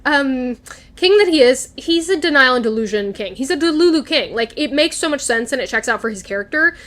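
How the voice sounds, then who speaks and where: A young woman with a high, bright voice talks through a TV episode in a casual vlog. She gushes and gets animated, with frequent laughs and casual swearing. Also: a little fast. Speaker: recap vlogger. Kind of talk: casual chat, excited TV recap.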